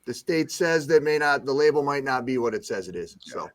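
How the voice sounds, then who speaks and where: A man's voice: mid-range voice, animated, fairly quick, dry recording. A man co-hosting a talk show, cracking sarcastic jokes. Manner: joking, sarcastic. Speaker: co-host. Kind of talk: casual radio talk.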